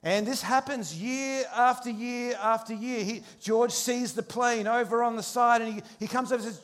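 A pastor with a notably high voice for a man. He preaches in a lively storytelling manner, speeding up and slowing down as he goes. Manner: animated storyteller, shifting pace and loudness. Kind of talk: sermon with a humorous story.

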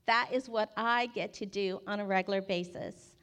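A woman in her forties giving a personal faith testimony as a campus ministry staff member, animated and acting out her own past words as she tells the story. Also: medium pitch, moderate pace.

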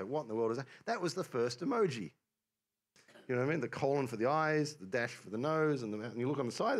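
A man preaching a relaxed, conversational sermon, often restarting and repeating words as he explains. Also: a little high.

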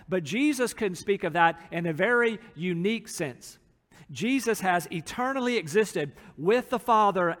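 A man's voice: sits high, fairly bright tone, long reverb tail. A middle-aged man preaching a sermon, reading scripture aloud and explaining it earnestly. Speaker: pastor.

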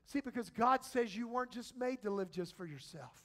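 A man preaching a sermon as pastor, moving from quiet, slow passages to shouted calls to the congregation. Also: very high-pitched, lively intonation.

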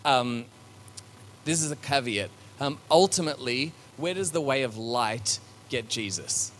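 A man delivering a church sermon in an easygoing, conversational way, stopping to think with ums and doubled words. His voice sits at an ordinary middle pitch. Faint background noise is audible under his speech. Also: unhurried, a bit bright. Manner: conversational, with many fillers and restarts; reflective and searching. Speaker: preacher.

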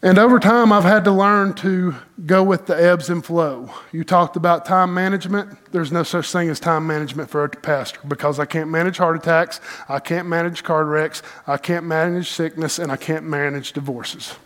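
A middle-aged pastor, preaching a sermon in an animated, folksy storytelling way with dramatic pauses. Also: male voice, fairly high pitch.

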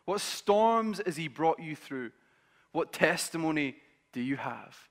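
A man's voice: a little high, lively intonation, measured pace. A man preaching as pastor, encouraging and speaking straight to the congregation. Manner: encouraging, addresses the congregation directly. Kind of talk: sermon. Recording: echoey hall with crowd.

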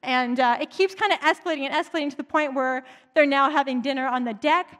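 A woman's voice: high voice, fast, fairly bright tone. A woman preacher retelling a story in a chatty, conversational sermon, in a church. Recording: long reverb in a large hall.

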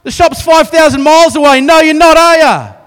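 A man voicing a furious, exasperated man who berates a careless worker with rapid-fire shouted questions, in a reverberant hall. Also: extremely high pitch, voice pushed up.

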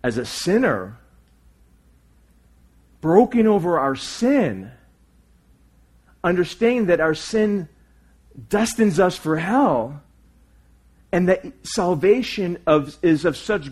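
A man preaching a sermon as pastor. He speaks earnestly, puts questions to his congregation, and moves between loud emphatic lines and quiet asides. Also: sits high, lively intonation, takes it slowly, long pauses, husky.

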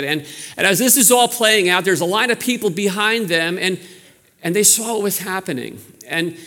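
A man with a New York accent, preaching a sermon in a relaxed, storytelling way with frequent restarts. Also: high-pitched, big-room sound. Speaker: pastor.

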